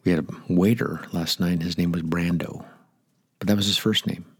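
Older male radio pastor, casual and digressive, husky tone, dry studio sound. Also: low voice, steady tone, normal speed, no room sound. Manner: chatty, rambling, jokey asides. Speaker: pastor and radio Bible teacher. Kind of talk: casual Bible teaching on air.

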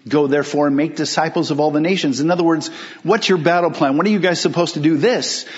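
Pastor preaching an emphatic sermon. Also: male voice, fairly high pitch, dull audio. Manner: emphatic, with rhetorical questions and slowed key phrases.

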